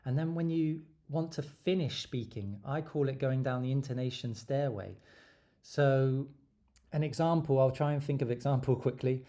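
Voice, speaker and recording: A man teaching exam strategies, with a mellow, relaxed tone. He talks in a lively way, stressing key words and sometimes acting out short dialogues. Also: medium pitch, normal speed. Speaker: English teacher. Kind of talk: exam tips lesson.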